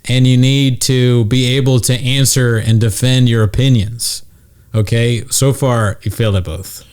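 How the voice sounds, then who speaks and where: Male podcast host, casual and teasing, average pitch. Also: fairly even intonation, measured pace, a little mellow, clean tone. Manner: teasing, needling.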